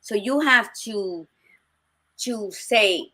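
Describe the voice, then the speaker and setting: A woman's voice: mid-range voice, animated, a little slow, pushed and bright. A woman co-hosting a casual talk podcast, telling personal stories in a candid, blunt and emphatic way. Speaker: podcast co-host. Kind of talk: casual chat.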